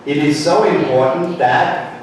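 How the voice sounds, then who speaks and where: Slow-talking male teacher in an echoey room. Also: on the high side, recorded from a distance, slight background noise. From England. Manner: simple broken English, repeats phrases for learners. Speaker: English teacher. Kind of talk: classroom lecture.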